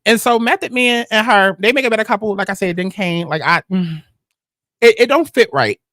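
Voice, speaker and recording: A woman hosting a casual TV recap speaks fairly quickly and bluntly, swearing often, animated, with sudden pitch jumps. The audio is studio quality without echo.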